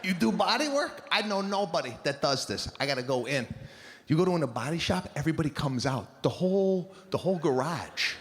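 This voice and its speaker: A man doing stand-up, telling a story in an animated, exasperated way, swinging between loud bursts and mutters. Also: on the high side, brisk. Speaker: stand-up comedian.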